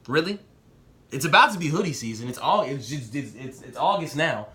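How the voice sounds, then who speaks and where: A young man in a casual vlog giving excited predictions and talking straight to the people he discusses. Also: a little fast, roomy sound. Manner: excitable, talks straight to the rappers, jumps in pitch. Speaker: battle rap commentator.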